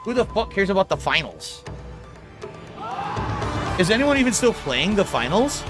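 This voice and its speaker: A man with a very high voice mocks a broadcast in a sing-song, profane way. He talks like a streamer, loud and teasing. Music is clearly heard behind him. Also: very animated, moderate pace. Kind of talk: casual stream commentary.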